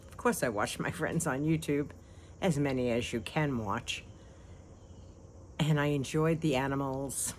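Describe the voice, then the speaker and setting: An older woman, a grandmother, chatting casually and lively to her vlog viewers, laughing often, on a phone held at arm's length. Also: deep voice, a little hiss or hum. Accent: non-local accent. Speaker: vlogger.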